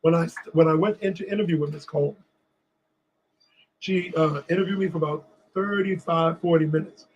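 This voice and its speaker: A man from Washington, D.C., a guest on a talk show, telling lively stories and acting out what people said. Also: on the high side, brisk, lo-fi sound, slight background noise. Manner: animated storyteller acting out quotes. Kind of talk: storytelling in a casual interview.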